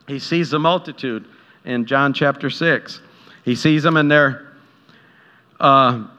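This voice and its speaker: A man's voice: mid-range voice, bright, forceful tone. A man preaching a sermon in a conversational way, retelling scripture and personal stories and acting out the voices in them. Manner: conversational, acts out quotes, chuckles at own stories. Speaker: pastor. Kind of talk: sermon with storytelling. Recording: dull sound with long hall reverb.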